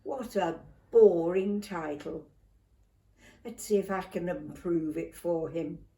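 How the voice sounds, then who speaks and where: A woman's voice: lowish voice, slow, dark tone, echoey room, recorded from a distance. An older woman reading a storybook, voicing a mischievous scheming schoolboy in a sly, gleeful way. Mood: smug.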